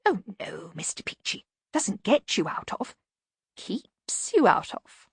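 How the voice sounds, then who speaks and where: A woman reading an audiobook voices a neat, precise veteran thief with a soft, half-whispered voice. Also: mid-range voice, big pitch swings, slow pace, gravelly, slightly rough, no room sound, studio quality, full character voice. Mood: calm. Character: neat, precise older thief, calm and fussy.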